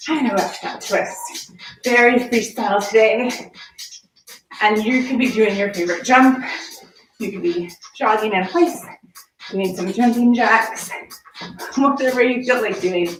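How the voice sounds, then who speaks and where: A woman's voice: on the high side, unhurried, long pauses, recorded from a distance. A woman fitness instructor leading a home workout, upbeat and encouraging, counting reps while slightly out of breath. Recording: echoey room, voice from off-mic. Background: background music.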